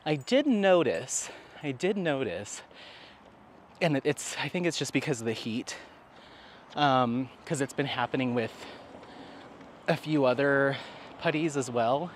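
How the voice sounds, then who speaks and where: A man's voice: medium pitch, animated, a little slow, pauses often, slight background noise. A man chatting casually with viewers while walking his dog in a park, laughing often. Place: outdoors in a park.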